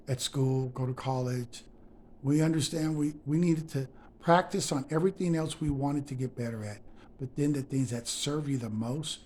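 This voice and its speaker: A man's voice: medium pitch, a little mellow, a little hiss or hum. A man talking straight to his viewers in an emphatic, preachy motivational monologue, often calling them guys. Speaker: motivational speaker.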